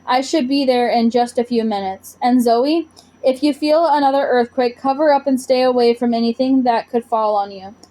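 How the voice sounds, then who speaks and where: Woman reading a brisk, caring mother. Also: on the high side, warm tone, close to an everyday voice. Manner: brisk and instructive. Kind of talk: storybook read-aloud.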